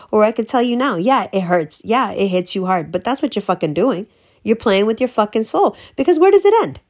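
A woman ranting bluntly in a casual monologue, profane and emphatic, swinging between slow stressed words and fast bursts. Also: mid-range voice. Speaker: vlogger.

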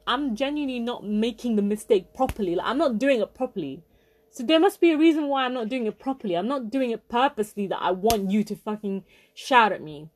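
Ranting young woman. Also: fairly high pitch. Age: 20s. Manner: heated, swears often, repeats herself for emphasis. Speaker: podcast host. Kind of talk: angry personal rant.

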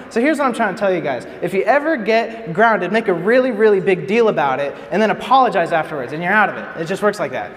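A young man preaching to a youth group, telling a story and acting out the quotes in a lively way. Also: high voice, fairly quick, hardly any pauses. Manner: animated storyteller, acts out quotes. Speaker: youth speaker. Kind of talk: storytelling sermon. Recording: reverberant hall with faint ambience.

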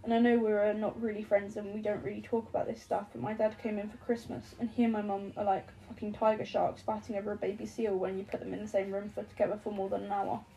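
A woman's voice: medium pitch, little pitch movement, quick pace, gravelly, hardly any pauses, mellow, lightly acted, low-quality recording. A woman reading an audiobook, voicing an impulsive young man who rambles, apologizes and swears. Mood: flustered.

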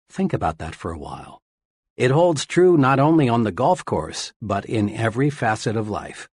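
A man giving a steady, earnest reading of scripted self-help narration, in the manner of an audiobook narrator. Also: mid-range voice, moderate pace, breathy edge, dry recording, clean studio sound.

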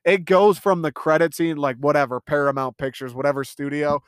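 A man's voice: on the high side, fairly even intonation, a little fast, smooth, no echo, studio quality. A young man talking through a casual movie review, enthusiastic and rambling, swearing freely.

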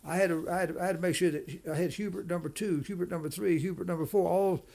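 A man's voice: high voice, steady tone, quick pace, gravelly, a little mellow. A man speaking as a business leader in an interview, emphatic, often repeating and restarting his words. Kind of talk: conversational interview.

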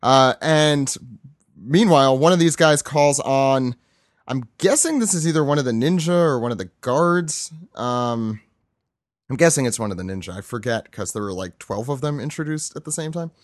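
A man hosting a podcast, casually talking through a comic chapter and slipping into voices for the characters. His pitch moves a lot as he talks. The sound is dry and close. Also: animated, normal speed, no echo. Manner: rambling, acts out quoted lines with voices. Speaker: podcast host.

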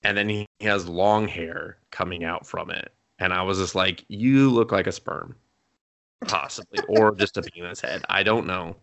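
A man's voice: sits low, normal speed, gravelly, fairly bright tone. A young man on a podcast, recapping an anime in casual, profane chat and acting out the characters' lines. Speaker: podcast co-host.

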